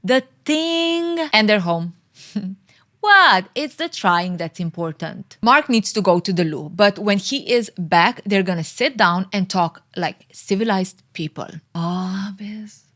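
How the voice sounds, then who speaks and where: A woman's voice: medium pitch, expressive, measured pace, fairly bright tone. Sarcastic woman recapping a movie. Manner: sarcastic, teasing, laughs often. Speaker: vlogger.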